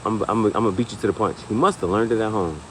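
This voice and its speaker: A young male podcast host with a lowish voice laughs his way through stories in a casual comedy chat, talking at a quick pace. He keeps breaking into high-pitched acted impressions of other people. The low-quality recording carries a faint, steady hum.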